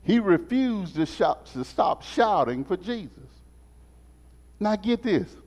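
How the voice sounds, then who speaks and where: Animated preacher in a church. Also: male voice, sits high, slow pace. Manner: animated, call-and-response preaching, repeats phrases. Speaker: Sunday school teacher. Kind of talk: preached Sunday school lesson. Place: church sanctuary. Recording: muffled sound in a reverberant church.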